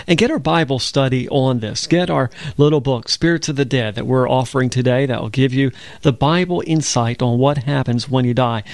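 Man, gravelly co-host of a Bible show, patient storyteller, dry studio sound. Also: medium pitch, no room sound. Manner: storytelling, explains scripture step by step. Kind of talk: conversational Bible teaching.

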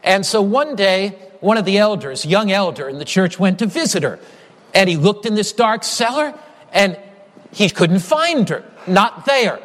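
A male preacher with a high-pitched voice delivers a sermon in an emphatic, repetitive cadence. His words echo with a long reverb, like a large church sanctuary. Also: animated, a little slow, a bit bright. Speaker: pastor.

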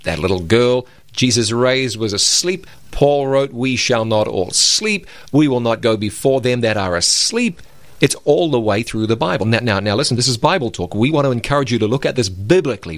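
A man's voice: on the low side, a bit bright, dry recording. A man co-hosting a radio Bible program, preaching emphatically and quoting scripture.

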